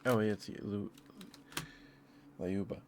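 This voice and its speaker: Low-voiced man rambling softly for ASMR. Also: steady tone, takes it slowly, noisy background. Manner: rambling, hesitant, many fillers; tender, easily moved. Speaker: ASMR streamer. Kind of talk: soft-spoken ASMR ramble.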